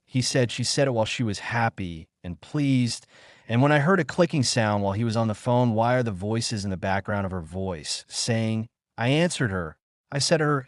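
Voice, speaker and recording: A man's voice: medium pitch, animated, moderate pace, no echo. Man telling a suspenseful tale, dry sound. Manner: dramatic, repeats phrases for tension. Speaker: storyteller. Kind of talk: suspenseful first-person story narration.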